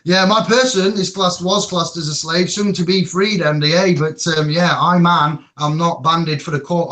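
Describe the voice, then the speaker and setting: A man's voice: on the high side, steady tone, normal speed, few pauses, fairly bright tone. Passionate rambling man. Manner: emotional, rambling, swears. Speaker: panel guest. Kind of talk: impassioned panel chat.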